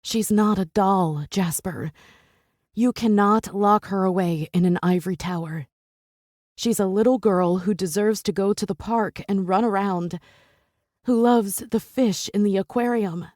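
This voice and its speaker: A woman's voice: medium pitch, a little slow, a little mellow, no echo, clean studio sound. A woman narrating a first-person romance audiobook with intense, emotional delivery.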